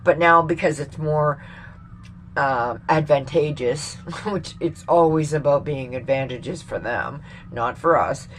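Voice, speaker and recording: A woman with a low voice rambles through a casual rant for her vlog, swearing freely and breaking into laughter. There is a faint hiss of noise behind her. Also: measured pace. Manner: rambling, profane, laughs often. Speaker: vlogger. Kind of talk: casual opinion rant to camera.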